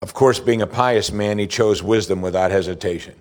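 A man preaching a sermon as pastor, reading scripture slowly and rising in pitch as he presses his points. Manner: preaching, slow scripture reading with lively rises.

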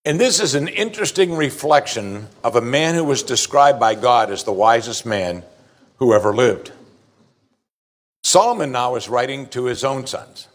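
Guy preaching a sermon, middle pitch, punches key words then drops quiet. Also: expressive, moderate pace. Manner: emphatic, swings between loud declarations and quiet asides. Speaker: pastor.

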